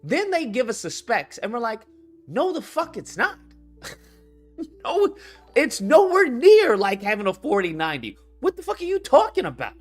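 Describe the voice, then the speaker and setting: A man's voice: very high voice, huge pitch swings, moderate pace, soft background music. A man hosting a livestream, ranting about video games with lots of swearing and repetition while reading out chat comments. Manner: profane, heated, rants and repeats itself. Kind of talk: unscripted gaming rant.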